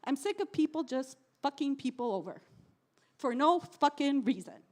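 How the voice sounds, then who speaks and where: A woman's voice: sits high, expressive, moderate pace, darkish tone. A woman telling a story at an open mic in a cafe, ranting in an exasperated way and swearing often. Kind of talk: spoken word storytelling. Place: live cafe event.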